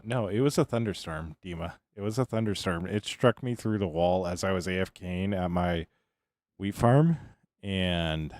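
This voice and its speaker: A man's voice: deep voice, no room sound, clean studio sound. A man giving casual livestream commentary as a game streamer, rambling along and answering his chat between remarks.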